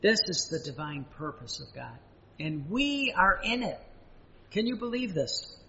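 A man preaching a sermon, emphatic and repetitive, with dramatic pauses and sudden rises. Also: high voice, animated, vocal fry, sharp tone, in a large hall, highs cut off.

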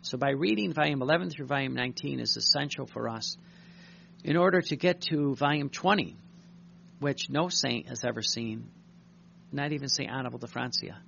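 A man's voice: medium pitch, creaky, fairly bright tone, dull audio, slight background noise. A male priest giving a sermon, reading a devotional text aloud and commenting on it in an earnest, repetitive way. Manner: earnest, repeats words, reads aloud slowly then tells stories.

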